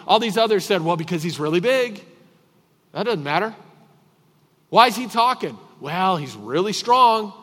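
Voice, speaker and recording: A man preaching a sermon as pastor, emphatic and repetitive, swinging between loud and quiet. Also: high voice, big-room sound. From Texas.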